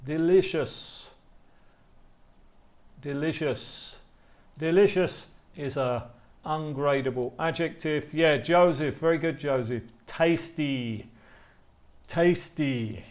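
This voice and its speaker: A man teaching a class live online, slowly repeating words for learners. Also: a little high. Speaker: English teacher.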